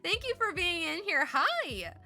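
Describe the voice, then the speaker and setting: Giggly high-voiced woman streamer. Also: sing-song, a little slow, bright, forceful tone. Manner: giggly, laughs often between lines. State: slightly scratchy throat. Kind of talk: casual live-stream chat.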